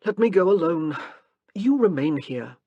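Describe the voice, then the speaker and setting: A woman's voice: on the low side, expressive, unhurried, husky, no room sound, muffled recording, exaggerated voice. A woman voicing a protective young nobleman with a rueful, dryly humorous manner in an audiobook. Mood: wry. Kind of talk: audiobook character reading.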